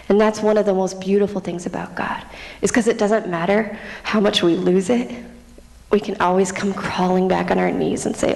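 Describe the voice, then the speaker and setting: A young woman gives a heartfelt testimony to a church gathering, candid and quick to laugh at herself. Her voice carries a gravelly fry. The sound rings with the long reverb of a large hall. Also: mid-range voice, level tone, darkish tone. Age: young adult. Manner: candid, self-mocking, laughs often. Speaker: missionary speaker. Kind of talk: personal testimony talk.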